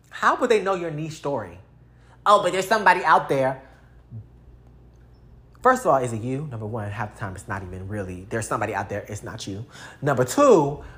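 In a bass voice with a fairly bright tone, a woman vlogger goes on a casual rant aimed right at her viewers. Her delivery is blunt, full of swearing and slang.

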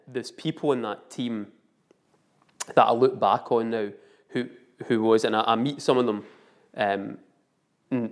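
A middle-aged man with a Scottish accent telling a story in casual chat, animated and laughing often. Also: medium pitch, gravelly.

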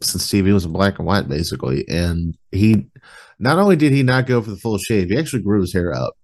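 A man's voice: low voice, lively intonation, brisk, a little mellow. A man hosting a podcast, chatting casually and jokingly, swearing freely as he rambles. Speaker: podcast host. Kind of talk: casual chat.

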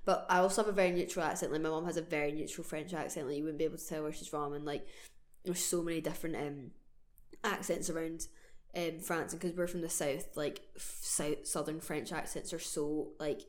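A woman's voice: sits low, steady tone, brisk. Frank young Glaswegian woman. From Scotland. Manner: chatty, frank, swears freely. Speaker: podcast co-host. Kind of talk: casual chat.

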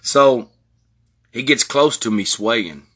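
Guy in his 40s ranting on his podcast, bright husky voice, cusses a lot. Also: mid-range voice, animated, slow pace. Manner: blunt, profane storytelling. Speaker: podcast host. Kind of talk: heated monologue.

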